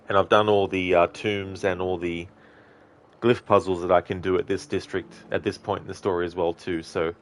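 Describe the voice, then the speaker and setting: Low-voiced gaming streamer chatting. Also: male voice. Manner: rambling, talkative, answers chat directly. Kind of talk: casual live-stream chat while playing.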